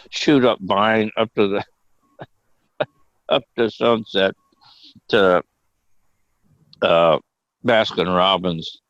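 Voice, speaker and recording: A man's voice: low-pitched, dry recording. An older man as a podcast guest, telling rambling, profane anecdotes and laughing often. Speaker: guest actor. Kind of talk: casual storytelling. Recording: dull, dry sound.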